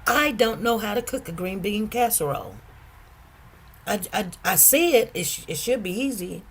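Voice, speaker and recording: A woman's voice: mid-range voice, normal speed, slightly rough. A woman hosting a casual live chat, reading out viewer comments and telling stories in a chatty, earnest way. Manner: chatty, animated, exclaims over food; soft-spoken, earnest storytelling.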